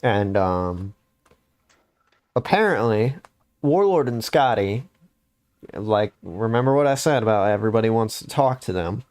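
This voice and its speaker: A man's voice: lowish voice, animated, unhurried, pauses often, a little mellow, smooth. A young adult man casually recounting a game story on a podcast, rambling with lots of fillers. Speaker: podcast host.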